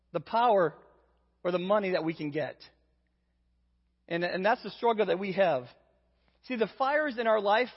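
With a high, breathy-edged voice, a preacher from Indiana, US shares a comic story from his own life during a sermon. He acts out the voices and laughs at himself; the recording is dull and lo-fi, in a hall with lots of reverb.

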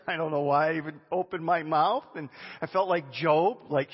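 A man preaching a sermon as a pastor, animated and conversational, with chatty asides. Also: a little high, normal speed, breathy edge. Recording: dull lo-fi sound with long reverb in a hall.

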